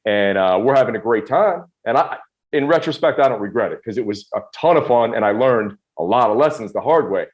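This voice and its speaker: Fast-talking man, dull lo-fi sound. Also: medium pitch, animated. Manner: rapid, emphatic, self-deprecating retelling. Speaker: guest. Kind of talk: candid storytelling interview.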